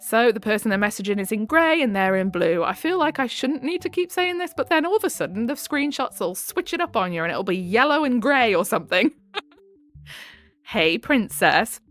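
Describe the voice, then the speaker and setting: A woman's voice: on the high side, lively intonation, fairly quick, fairly bright tone. A woman reading dating-app posts aloud, giggling and adding sarcastic asides. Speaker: channel host reading posts. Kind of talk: casual reading with commentary.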